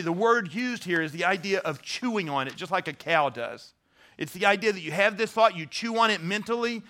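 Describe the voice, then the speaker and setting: High bright-voiced male preacher. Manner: earnest, repeats words and restarts, stresses key words. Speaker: pastor. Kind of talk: sermon.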